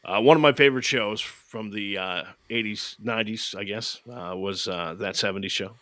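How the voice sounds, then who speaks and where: A man's voice: on the low side, moderate pace, fairly bright tone, soft background music. A man hosting a podcast, recapping a movie in a casual, sarcastic, mocking way. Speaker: podcast host.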